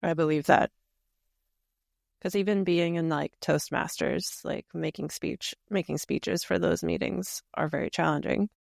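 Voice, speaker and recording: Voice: mid-range voice, fairly even intonation, a little slow, gravelly, no room sound, studio quality. A podcast host in casual conversation who talks reflectively and hesitantly, with many fillers.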